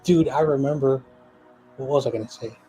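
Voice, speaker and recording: A man's voice: mid-range voice, normal speed, over music. A man co-hosting a live football stream in casual chat, rambling, joking and often losing his train of thought.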